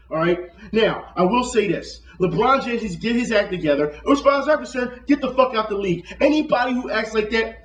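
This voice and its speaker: Ranting high-voiced man, echoey room. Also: a bit bright, far from the mic, lo-fi sound. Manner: angry, profane, lecturing. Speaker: vlogger. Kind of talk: profane sports rant.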